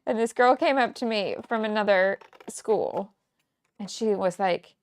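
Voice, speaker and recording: A woman's voice: medium pitch, measured pace, clean tone, dry recording. A woman in her forties from the Kansas City area, chatting and telling rambling stories with frequent laughs while she scrapbooks live. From United States, Kansas City area. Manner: chatty, rambling storyteller who laughs often. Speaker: scrapbooking teacher and livestream host. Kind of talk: casual crafting livestream chat.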